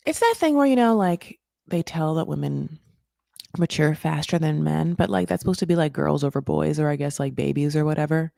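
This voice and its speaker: A woman's voice: vocal fry, dry recording, clean studio sound. Chatty woman recapping TV. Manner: chatty, fast, lots of "like" and swearing; lively, jumps high for emphasis. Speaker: recap podcast host. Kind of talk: casual chat.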